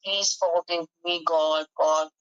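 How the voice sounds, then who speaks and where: A woman's voice: fairly low pitch, fairly even intonation, slow, smooth, lo-fi sound. A woman voicing a remorseful husband who begs his lost wife for forgiveness, in a pleading, apologetic way.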